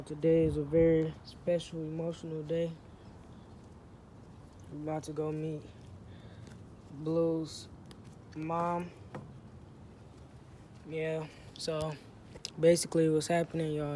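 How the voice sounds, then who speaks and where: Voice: mid-range voice, monotone, slow pace, long pauses, warm tone, a little hiss or hum. A vlogger talking casually and playfully to the camera outdoors in the sun, joking around with slang. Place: outdoors in sun, near a truck.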